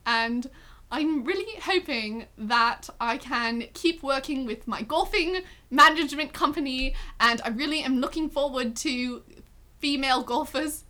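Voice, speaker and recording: A woman's voice: sits high, measured pace, bright, forceful tone. A woman attempting an Irish accent to play an upbeat young male pop singer who loves golf. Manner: clumsy accent attempt, giggly.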